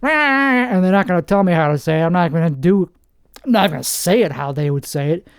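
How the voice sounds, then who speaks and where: A man in his forties from New Jersey, hosting a rambling comedic monologue with deadpan, self-mocking asides. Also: fairly high pitch, fast, vocal fry, no room sound, studio quality. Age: 40s. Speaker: comedian host.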